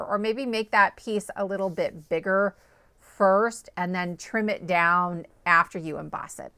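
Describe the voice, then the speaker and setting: A woman talks viewers through a card-making project in a chatty, upbeat voice at an ordinary pitch. She often checks in with quick "okay?" and "right?" asides. The recording is close and dry, with no room sound. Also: sharp tone, no echo. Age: adult, parent of small children. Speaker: card-making tutorial host. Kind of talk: step-by-step crafting tutorial.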